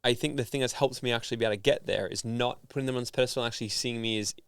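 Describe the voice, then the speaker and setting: An Australian man telling stories in a casual interview, animated and full of fillers. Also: mid-range voice, rapid-fire, smooth, dry recording. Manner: animated storyteller, filler-heavy. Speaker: podcast guest, founder and speaker.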